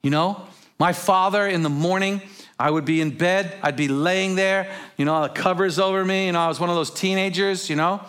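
Preaching from the pulpit, this man has a high, smooth voice with a steady tone and speaks a little fast. His sermon shifts from quiet, close moments to abrupt shouts, and he slips in offhand stories.

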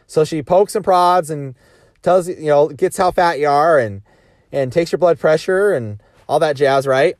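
A man's voice: fairly high pitch, moderate pace, no room sound, clean studio sound. A man talking casually as a sales coach, rambling with restarts and rhetorical questions.

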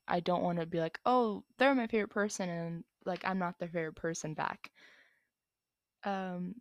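A woman's voice: medium pitch, no echo, clean studio sound. A young woman answering viewer questions in a casual vlog, rambling with lots of ums and likes.

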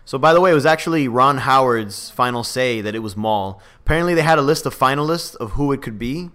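A man co-hosting a casual podcast chat, profane and quick to mimic people in silly voices. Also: mid-range voice, expressive, fairly bright tone, smooth. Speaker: podcast co-host.

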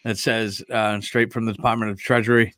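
A man's voice: lowish voice, flat delivery, brisk, a bit bright. A middle-aged man, a guest on a casual podcast, joking crudely and swearing freely. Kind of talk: casual chat.

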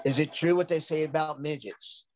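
A man telling joking stories in a dry, deadpan way. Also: on the high side. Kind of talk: casual storytelling chat.

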